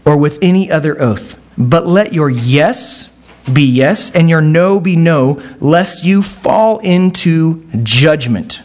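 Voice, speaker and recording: Slow-speaking pastor, chatty sermon. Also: male voice, a little hiss or hum. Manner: conversational, frequent asides like "right?" and "okay?"; animated, pitch jumps when quoting.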